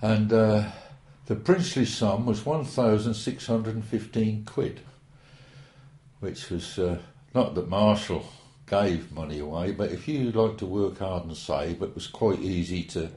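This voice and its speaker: An elderly man tells old stories in a rambling, hesitant, folksy way. His voice sits low and mellow. The recording carries a roomy echo. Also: measured pace. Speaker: interviewee. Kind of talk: oral history reminiscence.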